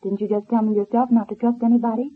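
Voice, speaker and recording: Casting: a proud, teasing young heroine, husky voice, tinny old radio serial. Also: female voice, fairly high pitch, level tone, very fast. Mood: playful. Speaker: radio drama actor. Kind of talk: 1930s radio serial acting. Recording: old narrow-band radio transfer.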